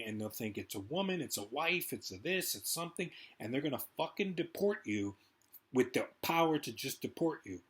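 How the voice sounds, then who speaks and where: With a very animated, husky, somewhat bright mid-range voice, a male vlogger fires off a profane political monologue. He rambles and speaks fast throughout.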